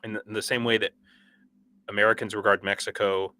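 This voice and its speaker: This livestream host, a young man, sounds bright and forward yet lowish and level, speaking briskly despite no sleep and too much coffee. Reading viewer comments, he rambles, stops and restarts, uses fillers, and lets out short laughs.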